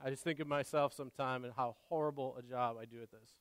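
A man, a father, preaching a sermon in an earnest way, repeating words and moving between soft asides and loud emphasis. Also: medium pitch, steady tone, fast talker, smooth, no room sound, big-room sound. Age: adult father. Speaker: pastor.

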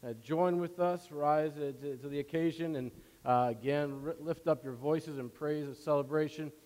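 Casual pastor with a high voice. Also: male voice, steady tone, moderate pace, darkish tone, long reverb tail. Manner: casual, filler-heavy preaching that builds in force. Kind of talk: sermon.

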